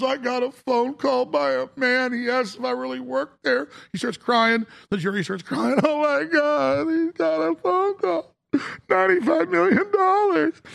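Guy ranting on his show, high gravelly husky voice, mocks and yells. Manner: animated, mocking, shouts and mimics voices. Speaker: talk show host. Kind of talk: ranting monologue.

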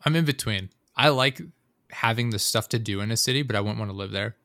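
A man's voice: lowish voice, quick pace, pushed and bright, dry recording. A young man in casual chat, telling a rambling, profane story full of fillers and asides.

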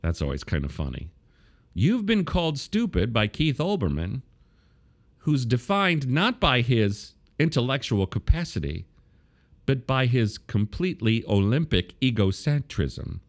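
A man's voice: lowish voice, big pitch swings, a little slow. A man hosting a podcast, delivering a political commentary monologue with wry, sarcastic asides. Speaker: podcast host.

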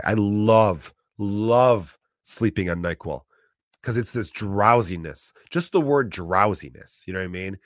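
Profane, rambling man with a low voice. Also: expressive, unhurried, dry recording, clean studio sound. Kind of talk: casual comedic monologue.

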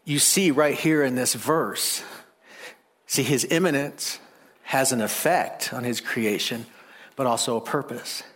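A man preaching a sermon, animated, rising loud and high to make his points. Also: a little slow.

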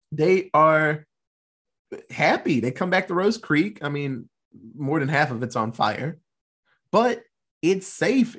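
A podcast host gives a casual recap of a movie plot, his voice fairly high for a man, with a husky, breathy, fairly bright tone. His pitch swings widely as he talks animatedly, swears freely, and laughs through the retelling.

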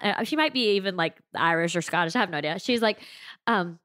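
A woman's voice: lowish voice, lively intonation, quick pace, a bit bright, no room sound, studio quality. A woman with a Southern US accent chatting casually as a podcast co-host, rambling and full of "like" fillers. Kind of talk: casual chat.

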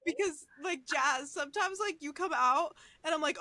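A young woman with a high, bright voice trades quick teasing jokes with her friends on a casual podcast. She sounds playful and quick to poke fun. The recording is close and dry. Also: dry recording. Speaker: podcast co-host. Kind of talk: casual chat.

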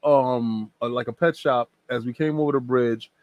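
Guest storyteller: New man, lively delivery that acts out the voices of others, dry close sound, mid-pitched voice. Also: normal speed, no room sound, highs cut off. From New York. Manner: animated, acts out other people's lines. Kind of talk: casual storytelling.

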